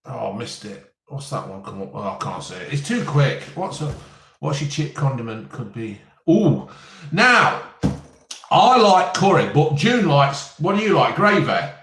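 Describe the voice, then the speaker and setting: A man's voice: a little high, big pitch swings, unhurried, fairly bright tone, reverberant. Chatty man in his fifties. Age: 50s. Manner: chatty, jokey, reads viewer comments aloud. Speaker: live stream host. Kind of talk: casual live stream chat.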